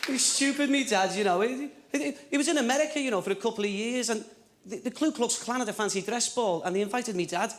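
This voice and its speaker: A man's voice: very high-pitched, fast talker, a faint crowd, slight background noise. A man with a Liverpool accent doing a chatty stand-up comedy routine, stumbling over restarts between punchlines. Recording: echoey live theatre, loud audience laughter.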